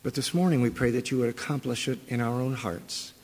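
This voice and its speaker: A man preaching a sermon as pastor, conversational and animated, often asking the congregation rhetorical questions. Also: mid-range voice, a little fast. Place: church sanctuary. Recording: long hall reverb.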